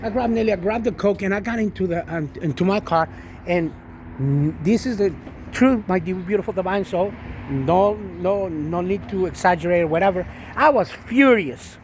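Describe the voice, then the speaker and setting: High-voiced man telling a rambling spiritual story. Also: brisk, darkish tone, slight background noise. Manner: rambling, with many restarts and repeated endearments. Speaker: vlogger and father.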